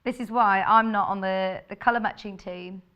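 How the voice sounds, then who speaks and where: A woman's voice: mid-range voice, steady tone, normal speed, clear, resonant tone, lo-fi sound. A woman presenting fabrics live on a shopping channel, chatty and gushing as she reads out viewer messages. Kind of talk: live on-air product presentation.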